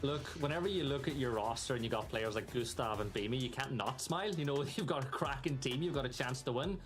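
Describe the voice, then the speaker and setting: A man's voice: mid-range voice, quick pace, music in the background. A man on a live esports panel, speaking in a wry, self-deprecating way.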